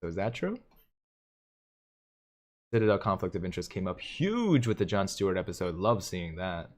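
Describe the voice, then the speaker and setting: A man's voice: deep voice, sing-song, normal speed, darkish tone. A man hosting a live stream, casually reading viewer comments aloud and joking, with frequent chuckles. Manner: jokey, chuckles often between comments. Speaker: livestream host.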